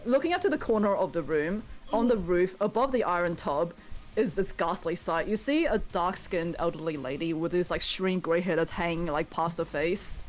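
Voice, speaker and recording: Woman chatty game master, lower voice. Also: moderate pace, faint music behind. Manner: descriptive, chatty, filler-heavy narration. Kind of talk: narrating a tabletop game.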